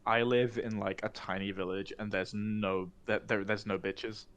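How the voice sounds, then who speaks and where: A man's voice: lowish voice, level tone, moderate pace, fairly bright tone. A British man from the UK, a guest on a podcast, talking in a laid-back, self-mocking, rambling way. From United Kingdom. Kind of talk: casual podcast chat.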